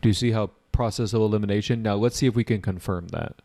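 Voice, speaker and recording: A man's voice: lowish voice, fast, gravelly, dark tone. A man teaching an exam preparation lesson, explaining answers casually and talking directly to his viewers. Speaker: IELTS teacher. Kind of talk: online exam prep lesson.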